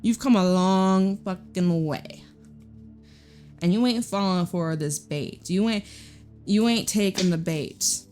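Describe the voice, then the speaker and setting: A woman's voice: fairly low pitch, slow pace, darkish tone, soft background music. A young woman giving a casual tarot reading, chatty and blunt, swearing freely and laughing often. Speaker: tarot reader.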